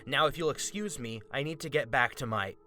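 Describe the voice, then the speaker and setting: A man reading the lines of a composed young woman police cadet, calm and firm. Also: medium pitch, brisk, faint music behind.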